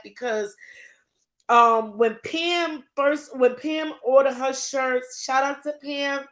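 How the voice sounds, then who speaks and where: A woman hosts a casual livestream, talking straight to her viewers. Her voice sits a little high and her delivery is slow and unhurried. She laughs often and keeps up the chat as she fiddles with her broadcast settings. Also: a bit bright. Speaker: livestream host.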